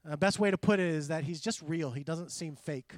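A middle-aged man preaching a conversational sermon, animated and full of quoted asides. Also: on the high side, a little fast, dry recording, clean studio sound. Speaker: pastor.

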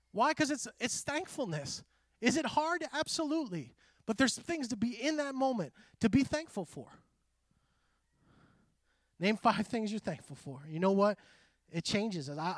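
A middle-aged man preaching a conversational sermon, animated and full of quoted asides. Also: high voice, no room sound, clean studio sound. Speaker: pastor.

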